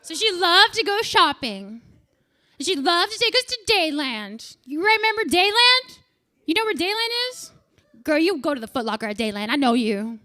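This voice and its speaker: Bright, brash woman doing stand-up. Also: extremely high pitch, normal speed. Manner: profane, animated, bursts into shouting. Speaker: stand-up comedian. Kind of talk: stand-up comedy with crowd work.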